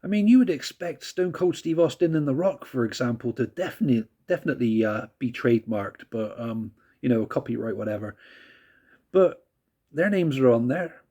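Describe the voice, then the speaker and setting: Casting: laid-back male music reviewer, casual and rambling, mid-pitched. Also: expressive, moderate pace, mellow. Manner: laid-back, frequent laughs and swearing, rambling asides.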